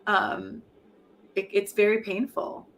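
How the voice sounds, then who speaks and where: A woman's voice: mid-range voice, level tone, takes it slowly, creaky, a bit bright. Candid, self-mocking woman talking about motherhood. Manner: reflective, frank, often laughing at herself. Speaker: interview guest, poet and professor. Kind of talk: candid conversational interview.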